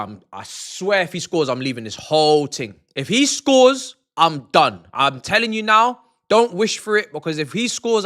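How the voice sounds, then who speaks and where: A young man, ranting and exasperated while streaming a football watch-along, swinging from shouts to grumbling mutters. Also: on the high side.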